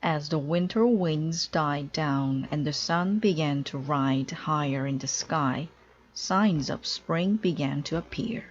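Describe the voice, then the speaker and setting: A woman reading a children's storybook aloud in a clear, deliberate storytelling way. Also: deep voice, muffled recording, a little hiss or hum. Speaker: storybook reader. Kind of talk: children's read-aloud narration.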